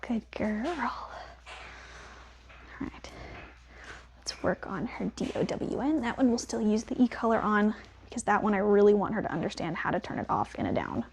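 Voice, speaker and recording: A young woman, a dog trainer, explaining as she works a dog, talking slowly and steadily and praising quietly, sometimes in a whisper. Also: medium pitch, expressive, background noise.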